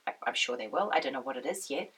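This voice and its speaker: A woman with a croaky voice, chatting casually as host of a knitting podcast and wandering off on tangents. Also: very deep voice, expressive, fast talker, a bit bright, recorded from a distance, poor audio. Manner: chatty, rambling, goes off on tangents. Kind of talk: casual chat to camera.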